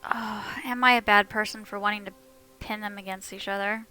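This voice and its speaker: A woman, a player in a tabletop game, thinking aloud in a drawn-out, musing way. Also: medium pitch, steady tone, bright, forceful tone, clear, resonant tone, dry recording, soft background music, low-quality recording. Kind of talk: casual tabletop game chat.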